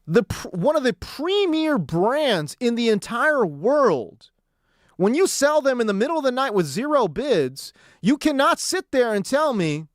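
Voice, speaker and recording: Exasperated sports radio host ranting. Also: male voice, very high voice, very animated, measured pace, dry recording, clean studio sound. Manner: heated, exasperated, emphatic repetition. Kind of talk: sports talk radio rant.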